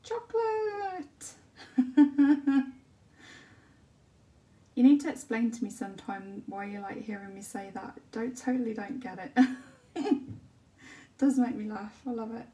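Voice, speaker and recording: A woman chatting casually during a livestream as she colours, often dropping to a soft murmur. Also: medium pitch, normal speed. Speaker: colouring channel host. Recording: distant mic with faint background hiss.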